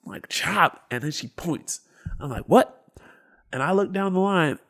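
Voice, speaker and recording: A man's voice: a little high, fairly quick. A man, co-hosting a podcast and telling stories animatedly, acting out the people in them with sudden whispers and bursts of volume. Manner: animated storyteller, acts out quotes, sudden whispers and shouts. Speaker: podcast co-host. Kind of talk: casual storytelling chat.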